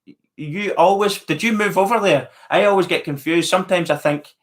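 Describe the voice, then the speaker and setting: With a voice that sits high, a Scottish-accented man briskly answers his live chat as channel host. He muses aloud to viewers casually, with many fillers and restarts.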